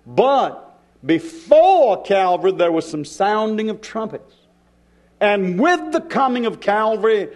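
Lively high-pitched male preacher. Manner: preaching with dramatic pauses and shifts in pace. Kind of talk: sermon.

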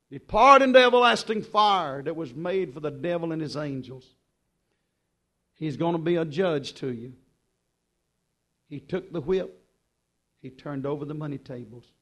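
Male preacher, higher voice, fervent sermon delivery with big swings in force. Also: a little slow, long pauses. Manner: impassioned, swinging between loud urgent peaks and quiet low passages.

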